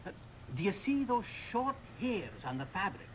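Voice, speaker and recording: A rambling old chemist in a video game cutscene, excitable and forever mixing up names. His voice sits high and swoops about a lot. A faint hiss runs under the old game audio. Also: normal speed, rough recording. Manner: scatterbrained, mixes up names, excitable. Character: rambling absent-minded old male police chemist.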